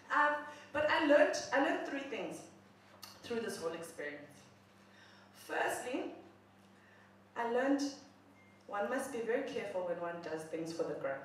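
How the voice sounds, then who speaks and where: Animated woman in echoey room. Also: fairly high pitch, a little slow, long pauses, a little hiss or hum. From South Africa. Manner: animated, self-mocking, laughs while talking. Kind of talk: comic personal storytelling. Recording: very echoey room, mic far off.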